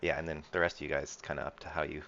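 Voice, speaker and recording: A man narrating as game master of a tabletop game, relaxed and halting, with frequent fillers. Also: rumbling low, lo-fi sound, a little hiss or hum.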